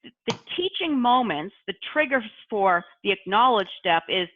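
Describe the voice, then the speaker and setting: A woman's voice: medium pitch, animated, a little slow, dry recording. A woman training call intake staff on a video call, instructive and repeating key phrases. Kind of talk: online training session. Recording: tinny video-call audio, dry.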